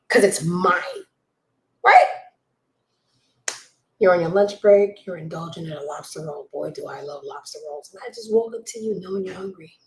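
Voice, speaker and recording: A woman hosting a gossip show from home on a desk mic, blunt and judgmental, swinging between loud outbursts and hushed asides. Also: on the low side, echoey room, low-quality recording. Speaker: show host. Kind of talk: casual gossip commentary. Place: home room with a child nearby.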